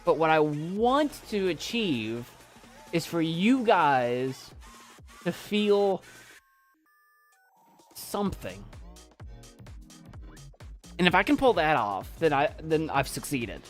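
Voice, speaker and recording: Halting, emotional man with a calm voice. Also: on the high side, soft background music. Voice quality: calm, soft voice. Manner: halting, many restarts, choked up and emotional. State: choking up. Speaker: YouTube creator and poet. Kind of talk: casual live chat with viewers.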